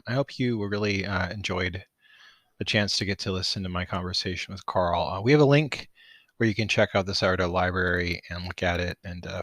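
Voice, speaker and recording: A man with a lowish voice hosting a podcast, delivering an excited, gushing sign-off. He stumbles and restarts often as he talks. The sound is dry and close. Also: no room sound. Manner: enthusiastic, gushing with many restarts. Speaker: podcast host. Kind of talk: casual podcast outro.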